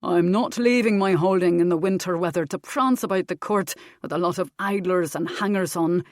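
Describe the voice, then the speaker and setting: A gruff border laird growls out commands and teases his wife, as a woman reads him in an audiobook. The voice sits low and dry, close to the mic. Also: moderate pace, dry recording, natural voice. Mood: grumbling. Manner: gruff and commanding, then teasing. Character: lusty Scottish border laird, a grown man, teasing.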